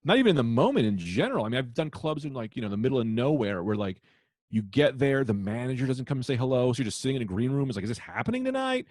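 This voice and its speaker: A man, a comedian guest, telling heckler stories in casual podcast chat, profane and animated. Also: medium pitch, very fast, dry recording, studio quality. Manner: profane, animated, acts out shouted quotes.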